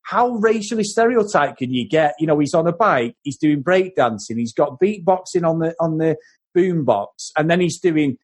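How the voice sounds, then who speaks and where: A man's voice: fairly high pitch, expressive, normal speed, breathy edge. A man co-hosting a podcast, animatedly mocking an old film's scenes and swearing freely. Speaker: podcast co-host. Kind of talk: casual film review chat.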